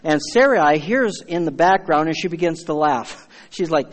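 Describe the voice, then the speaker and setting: A man's voice: a little high, lively intonation, moderate pace, long reverb tail. A man preaching a sermon as pastor, fervent and emphatic, calling out to his congregation.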